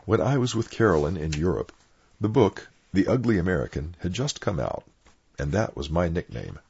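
Gravelly deep-voiced older clergyman storyteller. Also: sing-song, darkish tone, no room sound. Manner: plain unhurried storytelling. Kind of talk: reading personal anecdotes aloud. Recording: dull lo-fi dry recording.

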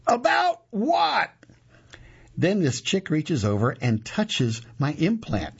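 A man narrating a gritty first-person story in an expressive way, moving from punchy to hushed, on a dull lo-fi recording. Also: a little high, a little slow, husky.

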